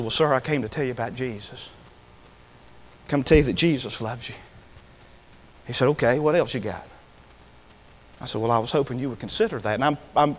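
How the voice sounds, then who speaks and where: A male preacher tells a story from his ministry in a sermon. His pitch sits in a middle range. He builds from plain telling into passionate, pleading preaching. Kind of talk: sermon testimony.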